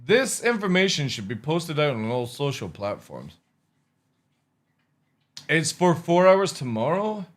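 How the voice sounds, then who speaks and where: A man's voice: on the high side, very animated, a little slow, long pauses. A man chatting casually to his chat while streaming a game, rambling and swearing freely.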